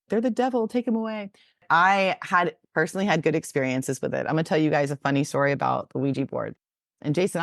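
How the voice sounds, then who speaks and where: Woman, forties, low voice, dry close sound, animated storyteller, casual podcast chat. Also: no room sound. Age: 40s. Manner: animated storyteller acting out quotes. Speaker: podcast co-host.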